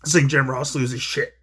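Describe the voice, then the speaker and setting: A man's voice: medium pitch, fairly bright tone, breathy edge. A man giving casual wrestling commentary, rambling and profane with many fillers.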